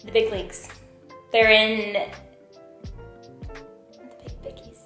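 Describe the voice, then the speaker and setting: A woman's voice: mid-range voice, little pitch movement, slow, sharp tone. A woman from the United States with an American accent, co-hosting a casual vlog in a playful, giggly way. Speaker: co-host. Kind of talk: casual chat. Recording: echoey room with faint music.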